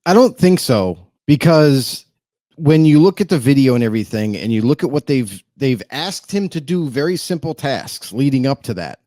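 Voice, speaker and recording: A male podcast co-host in a casual panel discussion, calmly explaining his view step by step. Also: mid-range voice, moderate pace, no room sound.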